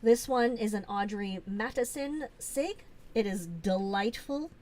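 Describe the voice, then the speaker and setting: A woman's voice: mid-range voice, measured pace, a little mellow. A woman hosting a casual live stream, chatty and gushing, with lots of fillers as she shows things off.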